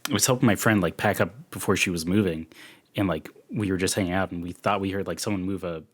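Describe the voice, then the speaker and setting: A man in his twenties, co-hosting a podcast in a relaxed, chatty way full of fillers. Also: low-pitched, fast. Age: 20s. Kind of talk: casual chat.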